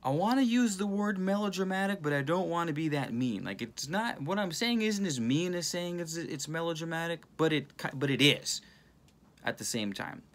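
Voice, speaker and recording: Excitable rambling man on phone. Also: a little high, moderate pace. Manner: animated, rambling, excitable with many restarts. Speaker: channel host. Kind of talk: casual spiritual talk filmed on phone.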